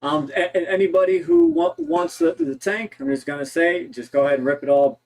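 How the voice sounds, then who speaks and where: A man from Ohio co-hosting a casual livestream chat, rambling and halting with many restarts. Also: high-pitched, big pitch swings, vocal fry, rough recording. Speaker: co-host.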